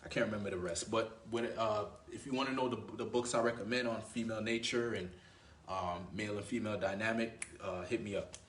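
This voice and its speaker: A man's voice: lowish voice, steady tone, fairly quick, fairly bright tone. Brief: male dating coach, casual swearing delivery, filler-heavy, roomy echo. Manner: loose, profane, peppered with "you know" and "right?". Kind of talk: casual talking-head coaching. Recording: echoey room.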